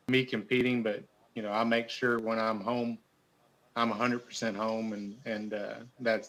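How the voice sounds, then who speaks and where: A young adult man, a tournament angler, answers questions as a guest in a casual interview, humble and steady with frequent restarts. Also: lowish voice, rough recording.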